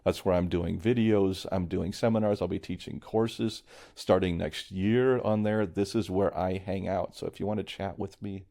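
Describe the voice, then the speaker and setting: Male podcast host, low gravelly voice, warm mellow tone, rambling reflective monologue. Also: steady tone, moderate pace, few pauses. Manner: reflective, meandering, restarts often; quietly worried. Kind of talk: casual solo podcast monologue.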